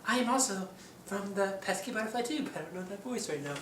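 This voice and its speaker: A bubbly, giggly puppet character chirps along in a voice pitched far above a normal speaking voice, as a man puts it on. The sound is roomy, caught from a few steps off the mic. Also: animated, fast talker, a bit bright, slight background noise.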